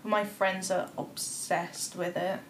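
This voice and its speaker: A woman's voice: fairly low pitch, level tone, takes it slowly, reverberant, slight background noise. A young woman with a Northern English accent in a casual chat, telling wry, self-deprecating stories.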